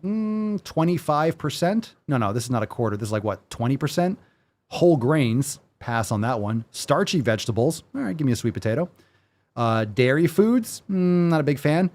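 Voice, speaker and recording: A man's voice: on the high side, a little mellow. A man hosting a podcast, ranting in a blunt, sarcastic way and swearing often. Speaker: podcast host. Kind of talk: casual ranting commentary.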